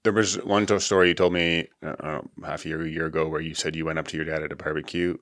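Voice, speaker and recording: A male podcast host asks his guest questions in a halting, conversational way and supports him as he answers. His voice is very low. The sound is dry and close, with no room echo. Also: flat delivery, a bit bright. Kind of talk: interview questions.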